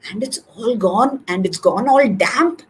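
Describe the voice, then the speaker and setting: A placid, doubtful sea turtle from a storybook, calm and skeptical, as a woman reading aloud puts her on. The delivery is slow and measured. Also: fairly high pitch, slight background noise.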